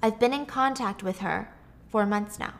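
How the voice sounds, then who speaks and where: A woman's voice: medium pitch, normal speed, lightly acted. A woman voicing a smug, composed young female clone.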